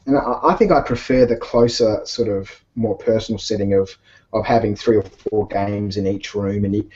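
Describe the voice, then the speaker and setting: A man's voice: on the low side, steady tone, normal speed, darkish tone. A man chatting casually about games while painting miniatures, rambling with many restarts and fillers. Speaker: podcast co-host. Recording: dull lo-fi sound.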